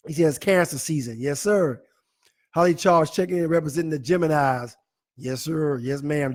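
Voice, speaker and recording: A man hosting a live online talk show, playfully reading out viewer comments with animated, teasing asides. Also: on the high side, normal speed. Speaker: host.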